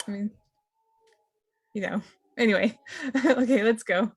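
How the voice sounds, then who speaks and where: A woman's voice: a little high, lively intonation, drawn-out words, pauses often, husky, no room sound, studio quality. A woman playing a tabletop game in character, giggly and hesitant. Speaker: player.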